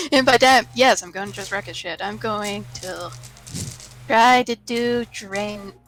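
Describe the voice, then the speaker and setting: A woman's voice: medium pitch, slow pace, a bit bright, faint music behind. A woman playing a tabletop game, teasing and joking in casual chat as she plans her turn. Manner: playful and teasing. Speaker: player.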